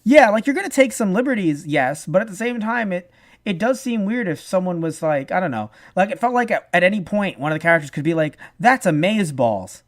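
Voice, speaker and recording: A man co-hosting a casual review podcast. He talks in an animated way, swears, restarts his sentences and acts out the lines he quotes. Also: sits high, fast talker. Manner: profane. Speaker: podcast co-host.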